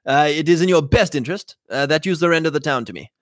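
A man doing a brash British officer, clipped, commanding, pitched well above his normal voice. The recording is dry and close, with no room sound. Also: animated, quick pace, dry recording, natural voice. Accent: British, put on. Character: brisk, bold male officer demanding surrender.

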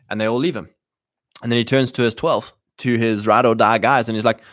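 A man hosting a casual monologue to his listeners, punchy and animated, acting out the voices he quotes. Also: mid-range voice, a little fast, no room sound, studio quality. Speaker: host.

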